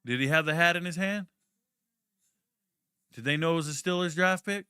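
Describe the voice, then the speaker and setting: A young man riffs through a live draft watch party, his voice pitched a little high and sharply bright. He talks in slangy, profane bursts and jumps from stories to loud reactions. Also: moderate pace, clear, resonant tone, no echo, studio quality. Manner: animated, slangy and profane, swings into loud outbursts. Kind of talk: casual live commentary and storytelling.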